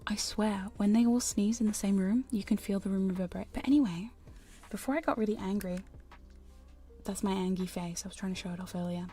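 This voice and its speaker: A woman chatting in a soft, giggly whisper on a live hypnosis ASMR stream, close to studio mics in her home studio. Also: medium pitch, steady tone, fairly quick, faint music behind. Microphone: studio condenser and binaural mics.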